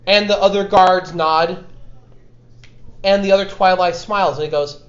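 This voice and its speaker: A man's voice: high voice, steady tone. Man running a tabletop game, echoey room. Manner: halting, restarts often while describing. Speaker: game master. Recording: echoey muffled room recording.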